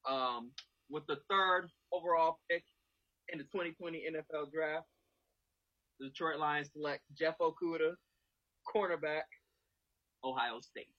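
A man's voice: a little high, measured pace, pauses often, dry recording, highs cut off. A man on a video call from home, playful and dramatic while joining a casual sports chat. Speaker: panelist.

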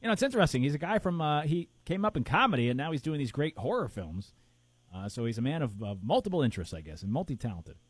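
Casual male co-host, lively and animated delivery, rambling, dry close recording. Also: mid-range voice, fast talker, slightly rough, dry recording. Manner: rambling, searching for names with fillers. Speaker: podcast co-host. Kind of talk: casual chat.

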